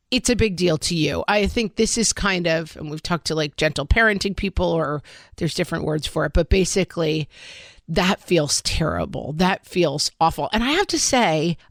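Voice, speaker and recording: A woman's voice: lowish voice, creaky, no echo, clean studio sound. Candid middle-aged woman co-hosting a podcast. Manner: candid, self-deprecating, talks through thoughts with many "like"s. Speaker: podcast co-host. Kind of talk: casual parenting chat.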